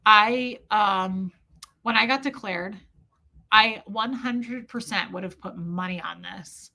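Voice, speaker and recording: Candid, swearing woman streamer, bright tone, chatting to her viewers. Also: medium pitch, takes it slowly. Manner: candid, emotional, swears freely, frequent restarts. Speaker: livestream host. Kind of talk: casual live-stream talk, reading chat.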